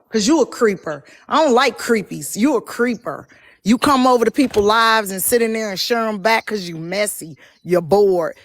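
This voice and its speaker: A woman's voice: medium pitch, no room sound. A woman on a casual live stream, brash and scolding, talking in heavy slang.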